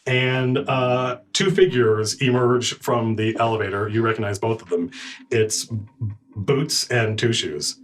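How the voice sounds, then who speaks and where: A man's voice: medium pitch, fairly even intonation, measured pace, faint music behind. A man running a tabletop game as game master, describing scenes vividly and speaking for his characters.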